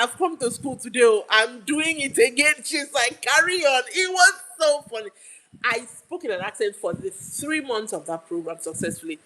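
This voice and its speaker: A woman's voice: mid-range voice, a bit bright, rough recording. A Nigerian woman telling a story in a casual livestream, chatty and laughing, often restarting her sentences. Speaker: YouTube live streamer.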